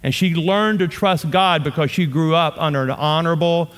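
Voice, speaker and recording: A middle-aged pastor from Louisiana gives a sermon laced with funny stories and playful asides to the audience, set in a church auditorium whose large hall produces long reverb. He speaks at normal speed in a voice on the high side with a fairly bright tone.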